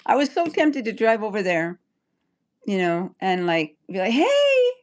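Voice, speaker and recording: Woman, livestream rant, heated, profane, rambling, middle pitch. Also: lively intonation, moderate pace.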